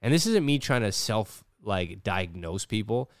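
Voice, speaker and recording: With a fairly low, smooth voice, big swings in pitch and a measured pace, a man hosts a casual podcast chat from his studio. He rambles, uses "like" heavily and regularly acts out quoted voices. The recording is studio quality, with no echo.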